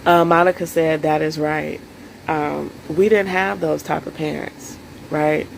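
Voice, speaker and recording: A woman's voice: sits low, steady tone, measured pace, gravelly, slight background noise, poor audio. A woman coaching viewers on self-care in a solo live stream, earnest and emotional, speaking straight to her audience.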